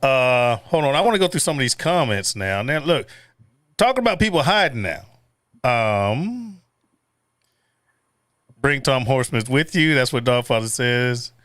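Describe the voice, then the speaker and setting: A man hosts a casual livestream, reading viewer comments aloud and swearing freely. His voice is smooth and resonant in a dry space. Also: medium pitch, animated, a little slow, pauses often, fairly bright tone, no room sound. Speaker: livestream host.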